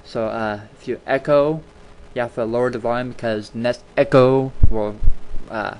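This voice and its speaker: A man's voice: medium pitch, fairly even intonation, normal speed, a little mellow, slight background noise. A man hosting a casual screen-recording tutorial, chatty and rambling, repeating words for emphasis, talking into a desktop mic at his home computer. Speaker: video tutorial host.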